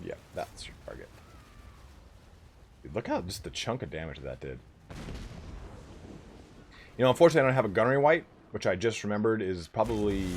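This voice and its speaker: A man streaming a strategy game live, chatting casually with viewers, swearing freely and breaking into excited outbursts. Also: low-pitched, slight background noise. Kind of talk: casual live gameplay commentary.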